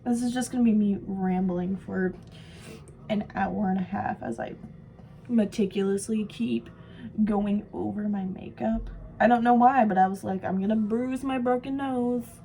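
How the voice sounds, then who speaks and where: A young woman vlogging while she does special effects makeup, chatting casually and poking fun at herself, sometimes trailing off into soft mumbles. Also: mid-range voice, fairly even intonation, measured pace, vocal fry, low-quality recording. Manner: chatty, self-mocking, drifts into soft mumbles. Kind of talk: rambling casual chat while doing makeup.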